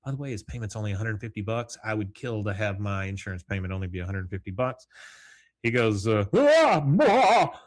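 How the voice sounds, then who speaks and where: A man with a fairly low voice hosts a solo podcast, talking casually through an episode. He acts out the characters' lines in animated bursts and laughs along the way. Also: quick pace. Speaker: podcast host.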